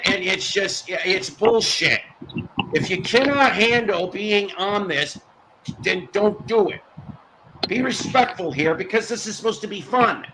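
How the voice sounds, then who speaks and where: A man's voice: high-pitched, unhurried, noisy background. A man hosting a casual live stream, ranting at his chat in an exasperated way, with stops and restarts. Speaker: host.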